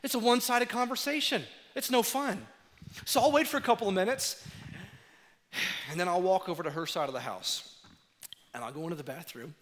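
A man preaching a sermon as pastor, animated and acting out dialogue as he tells stories. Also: high-pitched, fairly quick, long pauses. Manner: animated, acts out dialogue in storytelling. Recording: long hall reverb.

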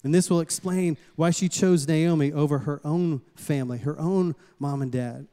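Preacher with a smooth, mellow voice. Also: male voice, a little high, normal speed. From Southern United States. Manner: lively storytelling preacher who calls out to the congregation. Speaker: pastor. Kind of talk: sermon. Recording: long hall reverb.

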